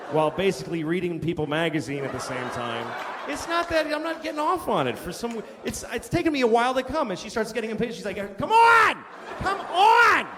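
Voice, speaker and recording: Animated middle-aged male comedian ranting. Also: sits high. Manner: profane, exasperated storytelling with sudden rants. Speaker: stand-up comedian. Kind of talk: stand-up routine. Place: live comedy venue with audience. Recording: live stage recording in a big hall with crowd and noise. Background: audience laughter.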